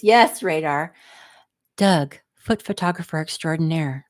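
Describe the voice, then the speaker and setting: A woman's voice: mid-range voice, expressive, normal speed. A woman, hosting a casual livestream, chatting and reading viewer comments aloud with frequent laughter. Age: 50s. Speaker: livestream host.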